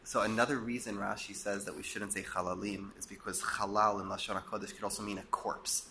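Lecturing man, slightly hoarse, bright voice. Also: fairly low pitch, little pitch movement, a little fast, slight background noise. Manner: explanatory, rhetorical questions. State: losing his voice, coughing. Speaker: teacher giving a Torah class.

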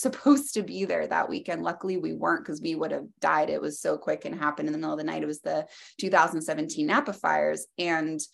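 A woman speaks as an interview guest, telling a personal story in a reflective, unhurried way. Her voice sits fairly low and has a noticeable gravelly fry. Her phrasing is loose and full of fillers as she thinks aloud. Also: fairly bright tone.

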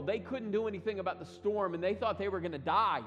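A man preaching a sermon, telling stories with lively acted quotes and frequent restarts. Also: high-pitched, fast, few pauses, big-room sound, faint music behind. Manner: animated storytelling with acted quotes, many restarts. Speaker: pastor.

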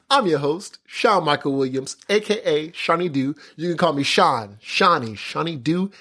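A man's voice: a little high, animated, moderate pace, few pauses, bright, forceful tone, slightly rough, soft background music. A man hosting a podcast with a slightly raised voice, talking loosely and playfully. He laughs easily and strings his thoughts together with "like" and "you know". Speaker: podcast host. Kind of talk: casual podcast chat.

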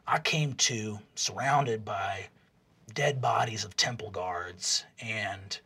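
Give me a man playing a laid-back older mentor with a low, rambling drawl. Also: takes it slowly, bright, forceful tone, breathy edge, exaggerated voice. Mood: wistful.

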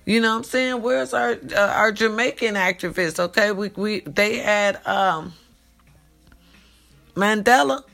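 A woman with a rough, gravelly edge to her voice vlogs from home in the middle of the night. She speaks in an emphatic, repetitive way, calling out to "y'all" as if her followers were in the room. Her voice sits at a middle pitch. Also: unhurried, a bit bright, faint music behind. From California. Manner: emphatic, repeats herself, calls to "y'all". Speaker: vlogger. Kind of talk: late-night monologue to followers.

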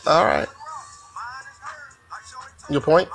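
A man's voice: on the high side, lively intonation, slow pace, pauses often, a bit bright, soft background music. A man hosting his own show, telling a venting story in a loose, profane, conversational way. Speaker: podcast host.

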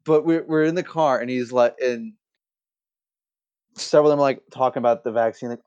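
A young man at an average pitch tells a rambling story on a podcast, full of fillers and hedges. His mic is dull and lo-fi. He sounds relaxed and casual. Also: brisk, long pauses, clean tone. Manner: hesitant, filler-heavy storytelling. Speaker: podcast co-host. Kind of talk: casual chat.

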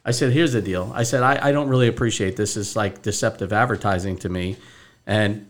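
A man's voice: lowish voice, fairly quick. A man hosting a podcast as a financial advisor, telling a story casually and acting out both sides of a phone call.

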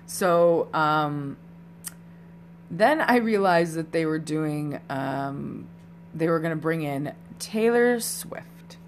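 A woman's voice: low voice, expressive, slow pace, a little hiss or hum. A woman hosting a solo podcast, chatting in a rambling, casual way straight to her listeners, a little tipsy. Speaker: podcast host.

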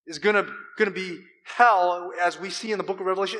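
Male pastor, high bright voice, sermon in a reverberant hall, dramatic swells. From California. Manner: impassioned preaching with dramatic pauses and swells.

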